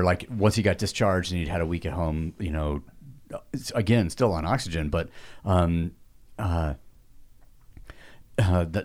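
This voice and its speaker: Low-voiced rambling male storyteller. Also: a little mellow. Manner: rambling, frequent "you know" and restarts, casual cursing. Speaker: podcast co-host. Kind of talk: casual storytelling chat.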